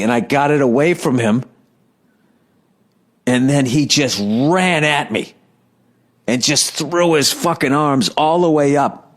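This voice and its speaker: A man in his thirties telling a rambling comedic story with heavy profanity and lots of restarts. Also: mid-range voice. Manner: self-deprecating, animated retelling. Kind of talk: casual comedic monologue.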